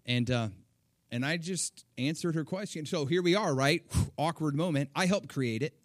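A middle-aged man preaching, telling a personal story with animated, acted-out quotes. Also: on the high side, normal speed, no room sound, clean studio sound. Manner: animated, acts out quoted voices. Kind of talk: sermon storytelling.

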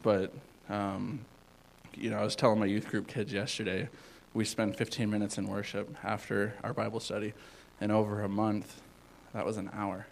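A man giving an informal sermon as a youth pastor, rambling with many fillers and swinging between loud and hushed. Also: on the low side, little pitch movement, moderate pace, vocal fry, a little hiss or hum, poor audio.

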